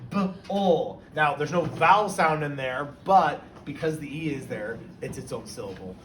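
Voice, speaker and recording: A male teacher giving a phonics lesson in an upbeat way, drawing out words so each syllable is clear. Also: fairly high pitch, lively intonation, a little slow. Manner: upbeat, stretches out and stresses words. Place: classroom. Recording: roomy and distant with faint hiss.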